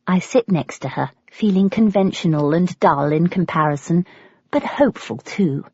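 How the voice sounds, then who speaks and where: A woman with an English accent narrating an audiobook in first person, wry and lively. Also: fairly low pitch, moderate pace, slightly rough, no echo. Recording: dull, lo-fi, dry.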